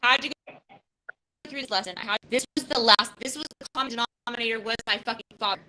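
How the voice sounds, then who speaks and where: Bright-voiced woman in her fifties, raw and profane. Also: fairly high pitch, fast talker, slight background noise, low-quality recording. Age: 50s. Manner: raw, emotional and profane, with many restarts. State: close to tears. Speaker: podcast host. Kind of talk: casual live podcast talk.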